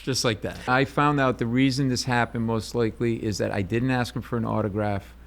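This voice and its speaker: A man, a stand-up comedian, telling an animated story as an interview guest, acting out voices and sometimes shouting. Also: mid-range voice, brisk. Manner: excitable, acts out voices, bursts into shouts.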